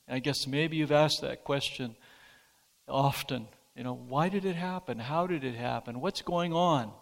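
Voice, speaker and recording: A pastor preaching a sermon, speaking slowly and deliberately and rising to emphatic peaks. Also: male voice, medium pitch, gravelly, big-room sound.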